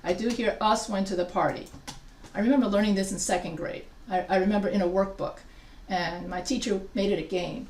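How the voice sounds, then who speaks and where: A woman's voice: mid-range voice, fairly quick. Female writing instructor, patient explainer, recorded from afar in a roomy classroom. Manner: explains step by step, quizzes students. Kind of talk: live grammar lesson. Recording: echoey classroom from a distance.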